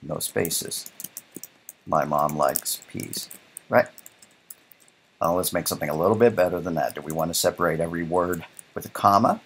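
A man's voice: low voice, moderate pace, long pauses, fairly bright tone, slight background noise. A man teaching a programming lecture while coding live, thinking aloud in a casual way and often checking in with "right?". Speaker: programming instructor.

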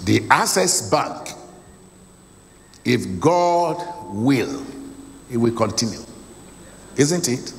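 Nigerian pastor man preaching, slow and emphatic, voice jumps all over, big reverby church hall. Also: mid-range voice, sing-song, gravelly, slight background noise. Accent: Nigerian English. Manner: emphatic, repeats key phrases. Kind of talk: sermon.

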